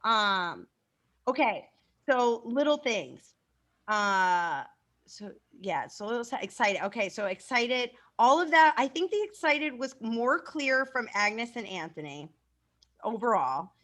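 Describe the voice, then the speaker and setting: A woman's voice: fairly high pitch, sing-song, slow, fairly bright tone. A woman improv teacher giving class feedback over a video call, enthusiastic and casual, swearing freely.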